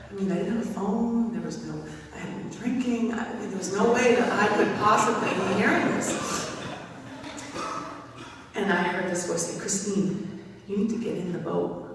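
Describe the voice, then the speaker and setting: A campus minister gives a retreat talk, a personal testimony told earnestly and conversationally with frequent restarts. Her voice is mid-range at a moderate pace, recorded from far off in an echoey hall with a noisy background.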